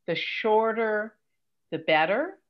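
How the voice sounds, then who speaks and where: A woman's voice: lively intonation, lo-fi sound. An older woman, a career coach, giving emphatic, practical advice as a guest in an interview. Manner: brisk, emphatic, mimics pitch emails.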